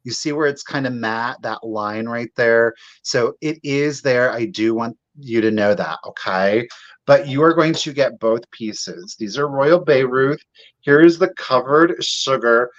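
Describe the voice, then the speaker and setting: Chatty man hosting a live sale. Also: mid-range voice. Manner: chatty and gushing, drawn-out exclamations, addresses bidders directly. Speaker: live online sale host. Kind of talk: live sales stream, showing items on camera. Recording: slightly dull lo-fi audio.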